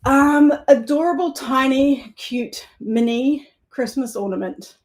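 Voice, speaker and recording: A woman with a New Zealand accent hosts a live craft session, talking casually and warmly to her viewers. Her voice sits a little high, and she laughs easily between remarks. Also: takes it slowly. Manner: chatty, laughs easily, friendly asides to viewers. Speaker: craft livestream host.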